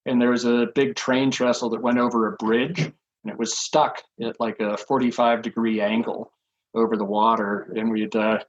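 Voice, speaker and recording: A man's voice: medium pitch, little pitch movement, moderate pace, highs cut off. A man in his sixties, a podcast guest telling rambling stories with lots of fillers and chuckles. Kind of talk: casual anecdotal storytelling.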